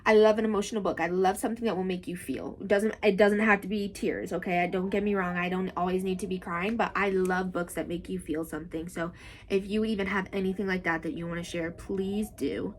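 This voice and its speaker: A woman's voice: mid-range voice, fairly quick, a little hiss or hum. Chatty young woman, book vlog. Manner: chatty and animated, with frequent "like" and "y'all". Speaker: book vlogger. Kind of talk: casual book review chat.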